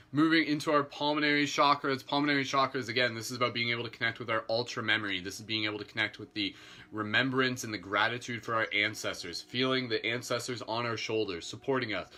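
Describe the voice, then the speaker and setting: A man leading a guided meditation who breaks off into playful jokes between calm breathing instructions. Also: medium pitch, brisk.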